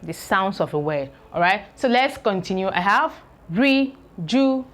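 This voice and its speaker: A woman teaching English pronunciation, saying each word slowly several times, breaking it into syllables and checking in with "okay?" between explanations. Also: mid-range voice, lively intonation. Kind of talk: slow spoken pronunciation lesson.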